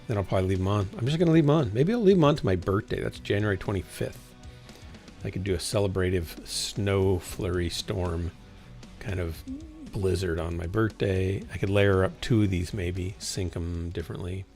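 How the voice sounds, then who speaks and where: A man's voice: sits low, normal speed, a little mellow, faint music behind. A man chatting casually to a small chat while playing a game on a livestream, rambling to himself and sometimes yawning. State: yawning, tired. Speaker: livestreaming gamer.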